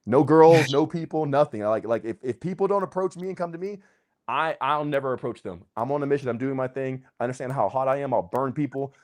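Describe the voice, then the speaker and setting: A man hosting a casual conversation, talking in an excitable, slangy way. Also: medium pitch, fast talker. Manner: excitable, slangy, uses "dude" and "bro". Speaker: host.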